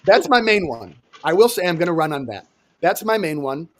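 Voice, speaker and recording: A young man from New York co-hosting a casual comedic chat, animated and sarcastic, swearing freely. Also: on the high side, brisk, slight background noise. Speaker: podcast co-host.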